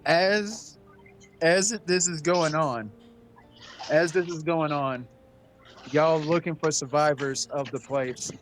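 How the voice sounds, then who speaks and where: Slow-talking game master. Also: male voice, fairly high pitch, slight background noise, poor audio. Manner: casual, repeats himself and restarts often. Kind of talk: narrating a tabletop game.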